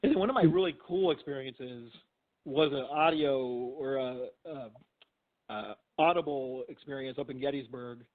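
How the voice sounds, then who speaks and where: A man's voice: mid-range voice, normal speed. Middle-aged man telling stories over a tinny phone line. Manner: rambling, heavy use of "you know" and restarts. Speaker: guest, physician and paranormal investigator. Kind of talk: casual storytelling in a phone interview.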